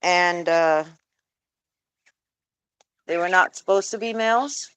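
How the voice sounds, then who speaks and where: A woman's voice: slow, fairly bright tone, clean tone, dry recording, rough recording. Woman with a cold, chatting during chores. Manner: switches to high sing-song baby talk for her geese. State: sick with a lingering cold, coughing. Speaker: vlogger tending her geese. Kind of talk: casual chat while doing chores.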